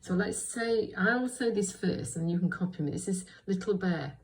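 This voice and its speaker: A woman teaching a reading lesson to young children, speaking slowly and clearly and asking them encouraging questions. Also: mid-range voice, low-quality recording. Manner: slow, clear and encouraging, with many questions to the listener. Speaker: primary school teacher.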